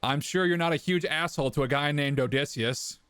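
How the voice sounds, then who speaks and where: A young man streaming a video game, chatting loosely and wandering off topic with crude jokes and retellings. His voice sits a touch high, with a faint hum of room sound behind it. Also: a little fast, a bit bright. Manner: rambling, joking, profane. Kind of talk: casual gameplay commentary.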